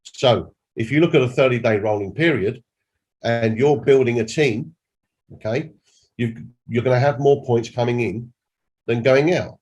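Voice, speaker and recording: A man's voice: medium pitch, moderate pace, a little mellow, breathy edge. A man, a company director, giving an emphatic, repetitive training presentation and demonstrating on screen.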